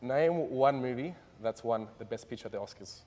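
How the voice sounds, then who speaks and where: A man's voice: mid-range voice, lively intonation, dark tone, long reverb tail. A man hosting a casual interview, running a timed quiz with short, laid-back replies. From Australia. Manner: quick, laid-back, lots of short affirmations. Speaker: host and quiz master.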